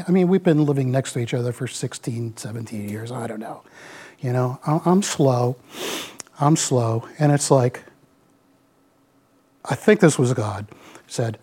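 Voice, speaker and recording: A man's voice: mid-range voice, moderate pace, a little mellow. A man in his mid-sixties giving a folksy, rambling church talk, peppered with "you know.". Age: 60s. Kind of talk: informal sermon with slides.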